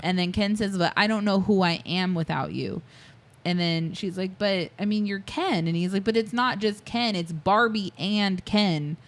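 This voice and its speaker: A woman's voice: medium pitch, normal speed. A woman co-hosting a casual podcast, walking through a movie scene by scene, acting out quoted lines with fillers and laughs. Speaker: podcast co-host. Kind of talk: casual movie recap chat.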